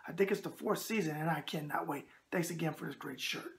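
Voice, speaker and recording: A man's voice: a little high, fast, gravelly. A brash man with a New York accent, hosting a boxing show and answering viewer emails with catchphrases and wisecracks.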